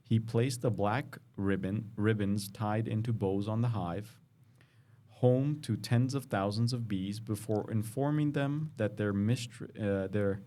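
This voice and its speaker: A man's voice: on the low side, measured pace, warm tone. A man co-hosting a podcast, casually reading a news story aloud and often stumbling and correcting himself. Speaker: podcast co-host.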